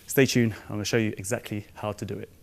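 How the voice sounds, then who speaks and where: A man's voice: fairly low pitch, flat delivery, fast talker, vocal fry, slight background noise. A young man coaching jump rope, upbeat and hyped, a little out of breath as he talks viewers through a move. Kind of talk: energetic fitness tutorial.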